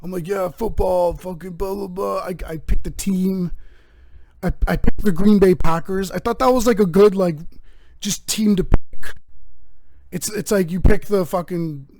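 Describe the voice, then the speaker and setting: High-voiced man ranting comically. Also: unhurried, no echo. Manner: rambling, profane, animated rants. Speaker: host. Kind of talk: casual comedic monologue.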